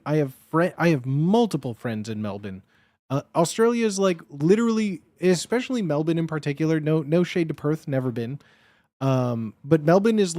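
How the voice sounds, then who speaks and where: Chatting loosely with his stream, this young man has a fairly high voice and keeps breaking into excitement, cursing without restraint. The audio is dry and close-miked, with no room sound.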